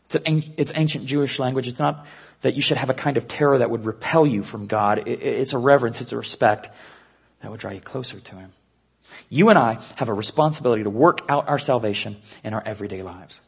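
Gravelly-voiced man preaching a sermon. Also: mid-range voice. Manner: earnest preaching with hushed, slowed emphasis. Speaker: pastor.

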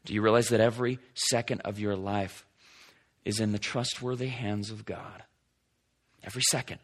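Husky-voiced male preacher. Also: fairly low pitch, fairly even intonation, moderate pace. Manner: dynamic preaching, swings from emphatic to hushed. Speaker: pastor. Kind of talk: sermon.

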